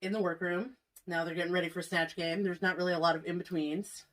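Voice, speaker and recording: A woman's voice: lowish voice, steady tone, quick pace, a bit bright, rough recording. A woman hosting a casual review chat, recapping scenes and laughing easily. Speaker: host.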